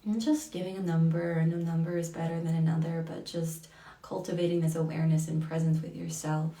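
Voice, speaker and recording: A woman leading a live tapping circle, talking softly and devotionally and greeting viewers by name. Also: low-pitched, level tone, fairly quick, echoey room, recorded from a distance. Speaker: EFT tapping facilitator. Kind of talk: guided tapping livestream.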